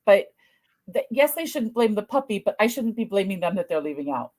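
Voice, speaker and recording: A woman's voice: medium pitch, big pitch swings, brisk, a little mellow. A middle-aged woman hosting a podcast interview, chatty and self-deprecating, laughing easily about her own parenting. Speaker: podcast host.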